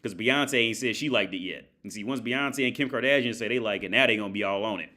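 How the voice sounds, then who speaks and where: A man's voice: lowish voice, quick pace, hardly any pauses, sharp tone. A man hosting a casual livestream from home, ranting in a rambling, crude way, full of restarts and filler words. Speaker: livestream host. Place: at home by his TV.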